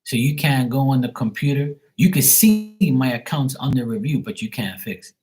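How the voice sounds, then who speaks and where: A man's voice: medium pitch, moderate pace, few pauses, darkish tone, slightly rough, rough recording. A man hosting a live tarot stream, ranting at length in a casual, irritated and profane way while chatting with viewers. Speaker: livestream tarot reader. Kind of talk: casual livestream rant.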